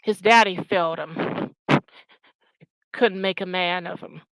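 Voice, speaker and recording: A woman delivers a scornful, profanity-laced rant straight to her viewers. Her tone is bright and tense, and she takes her time as she hammers each point home. The sound is dry and close. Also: fairly low pitch, steady tone, slow pace, clean tone, no room sound, poor audio. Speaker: channel host. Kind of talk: angry ranting commentary.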